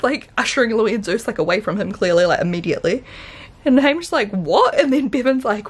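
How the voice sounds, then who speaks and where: A woman's voice: mid-range voice, expressive, fairly quick. A young woman with a New Zealand accent, chatting casually to camera as a vlogger and telling stories, full of "like" fillers, with a dry throat from hay fever. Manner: chatty storytelling, many "like" fillers.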